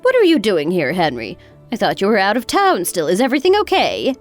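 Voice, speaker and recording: Woman performing a touchy older mother-in-law, defensive and stammering, with a lively, high voice over faint music. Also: brisk. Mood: alarmed. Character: indignant older mother-in-law, proud, quick to take offense.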